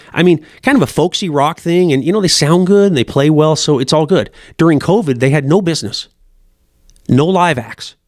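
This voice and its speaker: A man's voice: mid-range voice, no echo, studio quality. A middle-aged man who runs a fly shop, talking in a blunt, profane, rambling way. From Montana, USA. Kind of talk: casual rambling monologue.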